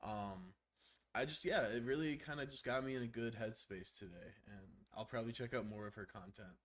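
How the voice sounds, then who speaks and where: A man with a gravelly voice and a strained throat, casually talking through a game stream. He chats freely, swears often and laughs a lot. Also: medium pitch, fairly quick, fairly bright tone. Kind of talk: casual gameplay commentary.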